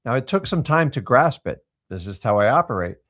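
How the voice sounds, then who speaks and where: A man's voice: medium pitch, big pitch swings, fairly quick, fairly bright tone. A man in his thirties chatting casually in a loose, rambling way. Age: 30s. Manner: loose, rambling, lots of fillers. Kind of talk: casual chat.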